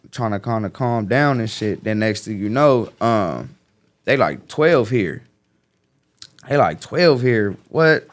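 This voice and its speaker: A young man telling a story in casual street slang, acting out voices with sudden high jumps. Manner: animated, acts out quotes with sharp pitch jumps; heavy slang, fast casual street talk. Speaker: guest.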